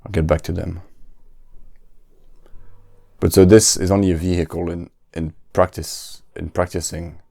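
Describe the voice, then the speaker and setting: A man's voice: deep voice, flat delivery, measured pace, gravelly, long pauses, dark tone, dry recording, clean studio sound. A man, hosting a casual solo podcast, often stopping to search for words and restarting his sentences. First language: French. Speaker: podcast host.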